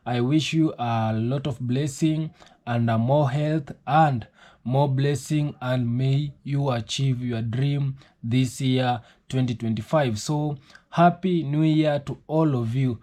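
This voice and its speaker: Man hosting a reaction channel, mellow. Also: mid-range voice, fairly even intonation. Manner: halting, with many fillers. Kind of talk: casual reaction commentary.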